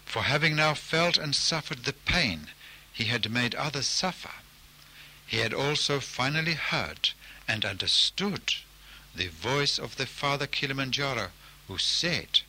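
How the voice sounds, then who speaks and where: A man telling a folk tale with slow, measured care. His voice is very bright and ringing, and he lets each phrase land before moving on. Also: medium pitch, animated, poor audio. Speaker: narrator. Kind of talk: storytelling narration.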